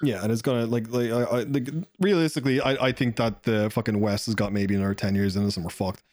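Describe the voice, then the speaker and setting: A man's voice: lowish voice, fairly even intonation, fast talker, darkish tone, dry recording. A man chatting on a podcast, crude, laughing often, with lots of filler words. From Ireland. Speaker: podcast guest. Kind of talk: casual podcast chat.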